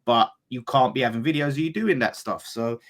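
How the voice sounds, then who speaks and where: A man chatting casually about football, informal, dropping to mutters then rising to loud emphasis. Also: mid-range voice, a little fast. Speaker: podcast pundit.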